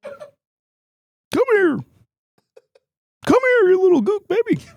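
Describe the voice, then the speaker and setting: A man voicing a smug middle-aged white father showing off his family, in a mocking high-pitched caricature. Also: very animated, takes it slowly, creaky, a crowd in the background, full character voice.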